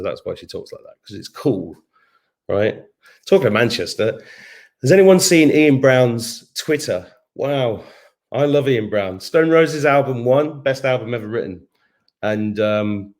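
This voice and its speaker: A middle-aged man hosting a live stream from his home kitchen, chatting casually, reading comments, humming to himself and swearing now and then. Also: on the low side. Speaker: host of an online live show.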